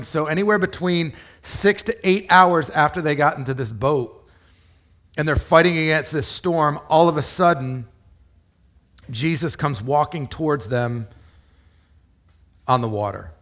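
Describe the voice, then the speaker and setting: Preaching at a normal speed, a male pastor keeps his sermon relaxed and conversational. He lays out the scripture plainly, frequently turning to listeners with rhetorical questions, in a voice fairly high for a man.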